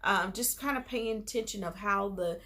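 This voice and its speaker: A woman's voice: mid-range voice, moderate pace, bright, forceful tone. A woman vlogger telling a personal story in a casual, chatty way, full of filler phrases.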